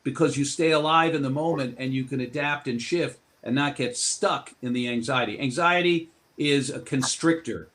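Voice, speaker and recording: A male author talking as a guest on an interview show. His voice sits in a middle register, and he spins out anecdotes and advice in a relaxed, expansive manner. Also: mid-range voice, normal speed, hardly any pauses. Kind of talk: interview storytelling.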